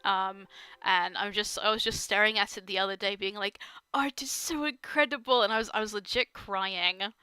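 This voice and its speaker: A woman's voice: mid-range voice, little pitch movement, a little fast, pushed and bright, smooth, dry recording, clean studio sound. A young woman chatting casually while drawing on stream, rambling with many fillers and frequent laughs, gushing about art. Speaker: artist streamer.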